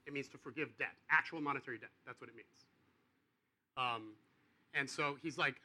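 A man preaching a sermon in a casual, conversational way, acting out the dialogue of the people in his story and swinging between quiet and loud. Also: medium pitch, normal speed, pauses often, poor audio. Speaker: pastor.

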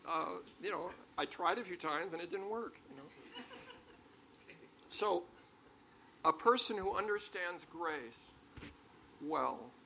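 A man's voice: a little high, vocal fry, bright, forceful tone, slight background noise. An older man preaching a sermon to a congregation, talking conversationally with stories and then building to emphatic peaks. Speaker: pastor.

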